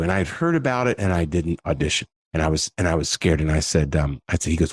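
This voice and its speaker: A middle-aged man, a comedian and impersonator, telling animated, self-deprecating stories in a podcast interview. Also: extremely low pitch, fast, hardly any pauses, slightly rough, no echo. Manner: lively storyteller, slips into voices, self-deprecating.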